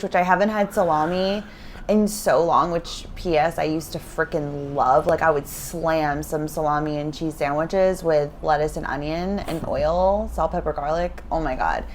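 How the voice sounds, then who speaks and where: A woman co-hosting a casual travel podcast from a hotel room, her voice sitting on the low side. She talks loosely and chattily, peppering her lines with "like" and casual swearing, and she is feeling sick. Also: normal speed, slight background noise. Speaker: podcast co-host. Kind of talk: casual chat.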